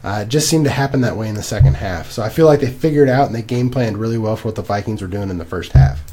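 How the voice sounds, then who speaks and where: A young man co-hosting a casual podcast, rambling and animated as he recaps games. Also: lowish voice, fast talker. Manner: animated, rambling, laughs at himself. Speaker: podcast co-host. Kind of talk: casual fantasy football chat.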